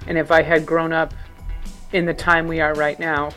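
A woman's voice: deep voice, level tone, moderate pace, a bit bright, faint music behind. A woman comedian appearing as a guest, telling a personal story with a mix of humor and anger.

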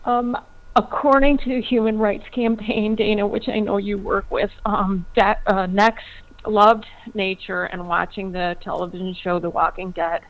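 A woman's voice: mid-range voice, flat delivery, unhurried. A woman calling in to a talk show, speaking emotionally and on the verge of tears. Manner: emotional, tearful and urgent. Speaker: caller. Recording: tinny phone line.

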